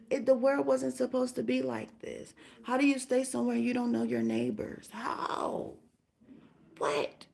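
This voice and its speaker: A woman's voice: high-pitched, creaky, mellow. A young woman ranting bluntly and profanely on a casual livestream, firing off rhetorical questions while doing her hair.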